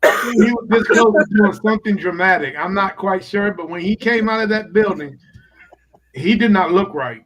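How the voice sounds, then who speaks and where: A Midwestern American man hosting a podcast in casual chat, talking haltingly with many fillers. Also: sits high, fairly bright tone, a little hiss or hum, poor audio. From United States. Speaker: podcast host.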